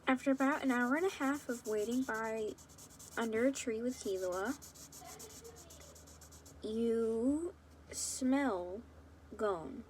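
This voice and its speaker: A woman's voice: on the high side, slow, pauses often, slight background noise. A young woman casually reading her own fan story at home, rambling and chatty, with frequent asides.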